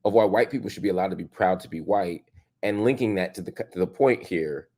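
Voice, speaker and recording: A man's voice: low-pitched, a little fast, a little mellow. A man hosting a reaction commentary, emphatic and repeating his points for stress. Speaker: show host and commentator. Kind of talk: reaction commentary on a played clip.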